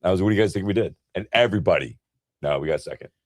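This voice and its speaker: A man co-hosting an advice podcast, telling stories in an animated way, swearing and calling people bro. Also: deep voice, very fast, dry recording, studio quality. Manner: animated storyteller, swears a lot, says "bro". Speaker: podcast co-host. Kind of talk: casual chat.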